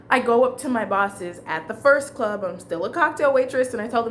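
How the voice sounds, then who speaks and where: A woman's voice: high-pitched, brisk, a bit bright, slight background noise. A woman telling a long personal story in a casual, rambling way, with fillers and restarts.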